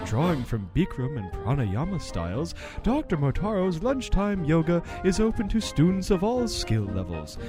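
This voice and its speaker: Man doing a pompous sponsor-read announcer, florid, mock-grand, slow stretched words, lively pitch. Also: over music. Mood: mock grandiose. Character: pompous male ad announcer for a baby coffin seller. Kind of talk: comedy fake sponsor read.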